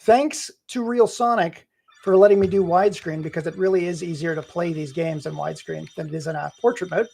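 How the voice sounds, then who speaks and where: A man's voice: on the high side, steady tone, a little fast, gravelly, darkish tone, slight background noise. A middle-aged man chatting casually and rambling while he plays a game on a live stream, laughing often and hiccuping.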